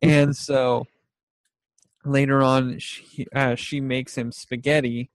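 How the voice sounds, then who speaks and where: A man's voice: medium pitch, flat delivery, takes it slowly, no echo. A young man chatting casually about favorite TV shows, rambling and laughing often as he acts out scenes.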